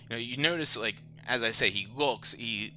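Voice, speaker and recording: A man's voice: mid-range voice, normal speed, pushed and bright, a little hiss or hum. A man running and narrating a tabletop game in a loose, chatty way. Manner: loose, chatty, many fillers. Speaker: game master.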